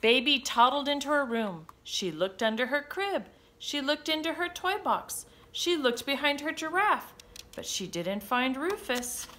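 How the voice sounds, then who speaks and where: Woman narrator for a kids' picture book, expressive and sing-song. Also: high voice, measured pace. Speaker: storybook reader. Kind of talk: children's read-aloud narration.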